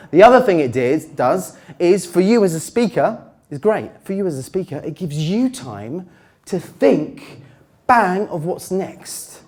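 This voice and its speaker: A man giving a conference talk on pitching, with a slightly worn voice, varying his pitch and dropping low with dramatic pauses. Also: a little mellow. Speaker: pitch coach. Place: conference stage.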